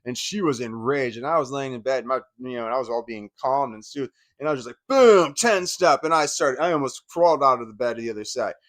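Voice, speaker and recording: Talking quickly with few pauses, a channel host relives a painful personal story, swearing, rambling and leaning heavily on fillers as emotion comes through. His voice is medium-pitched and fairly bright, with no room sound.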